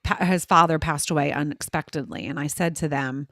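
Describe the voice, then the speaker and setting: A woman's voice: low voice, quick pace, few pauses, no room sound. Earnest woman host, dry close sound. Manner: earnest, animated storytelling with quoted asides. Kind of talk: casual interview chat.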